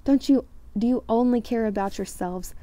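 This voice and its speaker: A woman's voice: moderate pace, warm tone, no room sound, natural voice. A woman voicing a bossy know-it-all schoolgirl who snaps and hisses at the boys. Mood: scolding. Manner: snappish, shrill, hissing.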